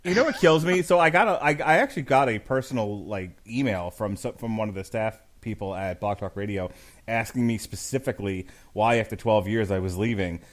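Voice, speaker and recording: A man's voice: on the low side, a little fast. Man hosting a casual podcast. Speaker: podcast host.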